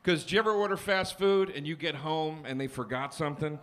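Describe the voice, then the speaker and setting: A man performing a stand-up comedy set in a club, telling a story with shouted punchlines and acted-out characters, with the audience laughing. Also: on the high side, steady tone, brisk. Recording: live club recording with crowd noise.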